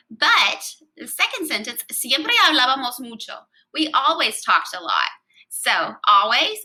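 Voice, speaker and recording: Bright, higher-voiced woman teaching Spanish. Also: poor audio. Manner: clear, patient explaining with spelled-out letters. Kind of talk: recorded grammar lesson.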